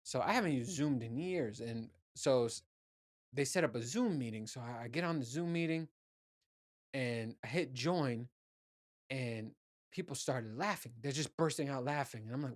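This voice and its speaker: A man's voice: medium pitch, moderate pace. Casually ranting, profane man. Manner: profane, rambling, with many restarts and "you know"s. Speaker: podcast host. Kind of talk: casual solo podcast rant.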